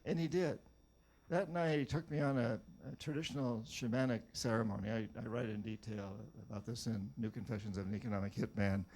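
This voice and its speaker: Older male author, from New Hampshire, middle pitch, wry anecdotal storyteller who stumbles and repeats words. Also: a little fast, darkish tone. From New Hampshire, USA. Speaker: author giving a talk. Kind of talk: storytelling talk to a live audience.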